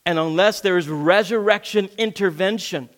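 A man's voice: high voice, moderate pace. A man preaching a sermon, earnest and emphatic, repeating phrases for stress and quoting scripture.

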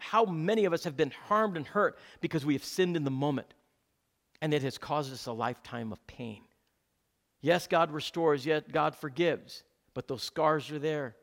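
A male pastor delivers a sermon in a slightly high voice. He presses his points with fervent exhortation, then drops to hushed, low lines, and he repeats each point slowly so his listeners can take notes. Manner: emphatic, repeats key points slowly for note-taking.

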